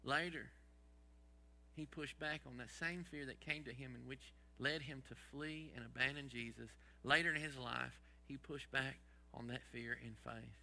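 A man's voice: mid-range voice, fairly even intonation, a little slow, creaky, bright, forceful tone. A man preaching a sermon as pastor, asking the congregation rhetorical questions and dropping folksy sayings.

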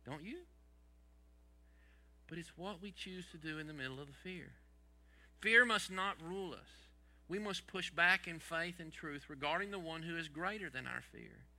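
A man's voice: fairly high pitch, normal speed, bright, forceful tone. A man preaching a sermon as pastor, asking the congregation rhetorical questions and dropping folksy sayings.

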